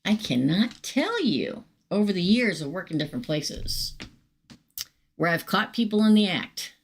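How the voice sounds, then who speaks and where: A woman's voice: medium pitch, very animated, a little slow, slight background noise. A middle-aged woman giving live tarot readings to viewers in a chatty, emphatic way. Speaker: tarot reader.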